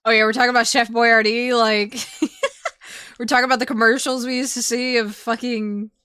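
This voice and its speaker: A woman's voice: on the high side, flat delivery, normal speed, sharp tone, clean tone, dry recording, studio quality. A young woman streaming, chatting casually with viewers, laughing often and swearing freely. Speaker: VTuber streamer. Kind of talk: casual chat reading viewer messages.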